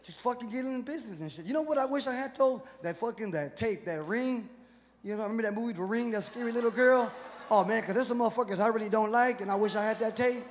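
A fast-talking, high-voiced stand-up comedian from Houston, Texas, rips through a profane, rowdy, punchy set on a comedy stage before a live audience. Long venue reverb, crowd noise, laughter and hall ambience surround him.

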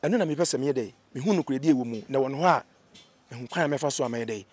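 A Ghanaian man, an interview guest, telling a grievance story with energy and acting out what others said in lively voices. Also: mid-range voice, quick pace, breathy edge, dry recording. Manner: animated, acts out quoted dialogue. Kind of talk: emotional storytelling. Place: outdoor location away from the studio.

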